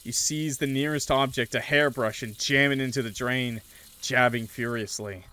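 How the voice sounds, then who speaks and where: A man's voice: medium pitch, steady tone, moderate pace, sharp tone, clean tone. A man streaming a horror visual novel, reading it aloud dramatically with casual joking asides. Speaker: gaming streamer.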